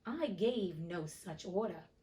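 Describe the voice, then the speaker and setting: A woman's voice: lowish voice, lively intonation, takes it slowly, dark tone, distant mic. A woman reading the part of a theatrical male pirate captain who speaks in dramatic, old-fashioned pirate talk. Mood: shaken. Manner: dramatic, archaic pirate speech.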